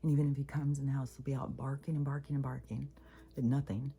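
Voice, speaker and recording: Very deep gravelly woman vlogger. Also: level tone, fast talker, warm tone. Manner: rambling, many fillers, drops into whispery asides. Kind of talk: casual spiritual vlog monologue.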